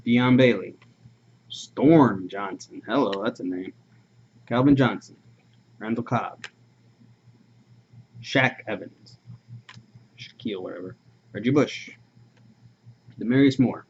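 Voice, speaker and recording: A man's voice: on the low side, slow, long pauses. A man hosting a live card break, rattling off player names with casual offhand asides. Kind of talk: casual live-stream chat. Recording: muffled stream audio with noise.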